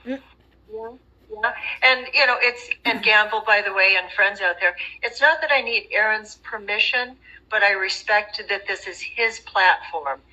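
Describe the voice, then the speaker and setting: A woman joining a livestream as a guest, speaking in a measured, earnest, gently admonishing way. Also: medium pitch, poor audio. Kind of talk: casual livestream chat.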